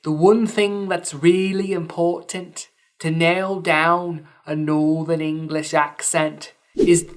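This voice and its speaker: A woman's voice: low-pitched, little pitch movement, slow. A woman podcast host giving a scripted explainer lesson, with dry, wry asides between points.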